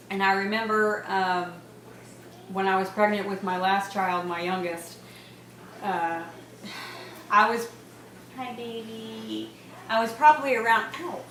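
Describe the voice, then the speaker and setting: In a rambling home vlog giving a casual pregnancy update, a woman in her thirties chats away, laughing often and using lots of fillers. Her voice is medium-pitched with a fairly bright tone, recorded in an echoey room with faint ambient noise.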